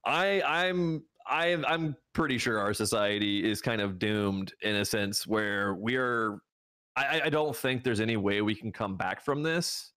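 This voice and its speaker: A man's voice: fairly low pitch, unhurried, pushed and bright. A man from the United States co-hosting a podcast in casual chat. He rambles, restarts his sentences often and laughs a lot. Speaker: podcast co-host.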